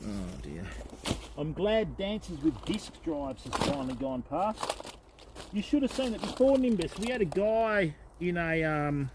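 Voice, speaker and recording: A man with a slightly high voice, chatting live with his viewers while fishing by a river. He talks casually and calls people mate. His phone mic picks up steady outdoor noise in the background. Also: measured pace. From Australia. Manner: chatty, laid-back, talks to viewers as mates. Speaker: fishing livestreamer. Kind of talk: casual livestream chat.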